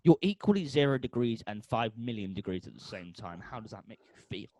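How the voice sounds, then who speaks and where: A man co-hosting a podcast, pitching a made-up product in comic style and making beeping sound effects. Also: big pitch swings, fairly quick, warm tone, no room sound. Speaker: podcast co-host.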